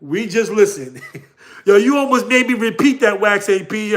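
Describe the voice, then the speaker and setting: A man's voice: high-pitched, lively intonation, moderate pace, a bit bright. A man with a New York accent hosting a casual livestream, laughing often and talking slangily to his chat. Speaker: livestream host.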